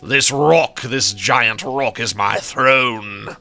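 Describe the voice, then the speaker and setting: A self-crowned spider king , as a man puts him on, lords it over the squabbling bugs below in slow, grandiose proclamations. His delivery is drawn out and pompous, with faint music playing under the game commentary. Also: medium pitch, vocal fry, sharp tone, full character voice.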